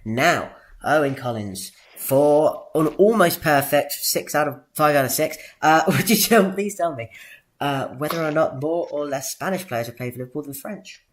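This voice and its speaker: A man hosting a podcast quiz in a playful game-show manner, drawing out announcements and squeaking out jingle noises. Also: lively intonation. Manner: theatrical, drawn-out announcements with sudden high-pitched jingles. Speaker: podcast host running a quiz.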